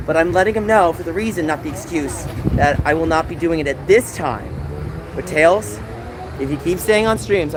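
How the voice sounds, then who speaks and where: An exhausted man hosting a live stream, venting emotionally and apologizing to his chat. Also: sits high. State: tearful. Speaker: livestream host. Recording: loud outdoor background noise.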